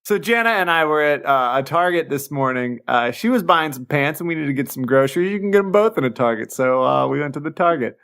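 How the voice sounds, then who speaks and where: Laughing, animated man telling a story. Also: fairly high pitch, fast, hardly any pauses, clear, resonant tone. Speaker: podcast host. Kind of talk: casual storytelling chat.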